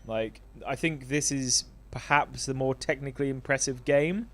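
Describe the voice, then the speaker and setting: A man co-hosting a game channel, chatting casually and giving relaxed opinions while his friend plays. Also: medium pitch, normal speed. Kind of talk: casual chat while playing.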